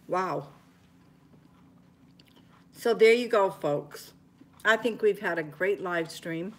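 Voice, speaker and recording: Taking her time and pausing often, an older woman cooks in her home kitchen while chatting homily with live-stream viewers. She is a homestead cooking vlogger with a fairly low voice. At times she lowers it to a near whisper.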